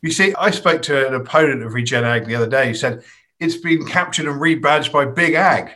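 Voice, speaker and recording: A man's voice: mid-range voice, fairly quick, bright, forceful tone. A man hosting a podcast interview, chatty and fond of telling anecdotes. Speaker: podcast host.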